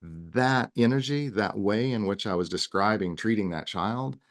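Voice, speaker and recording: Earnest, rambling man with a low voice. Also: a little slow. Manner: earnest, talks in long runs with many restarts. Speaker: wellness guest. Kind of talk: casual podcast interview.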